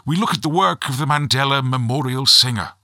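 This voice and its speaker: A man's voice: mid-range voice, fairly quick, pushed and bright, no echo, voice pushed up. A man voicing a polished television arts and nature presenter in a mock broadcast. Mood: presenterly.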